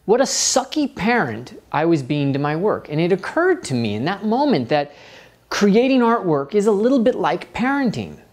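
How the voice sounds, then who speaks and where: A middle-aged man who teaches art, telling a personal story and acting out his own inner voice. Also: sits high. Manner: animated, acts out his inner voice.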